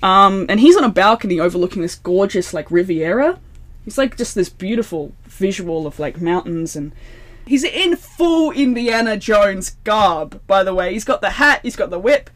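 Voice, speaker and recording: A woman, an interview guest telling a long dream story in a casual, animated way, full of "like" and acted-out dialogue. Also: mid-range voice, normal speed.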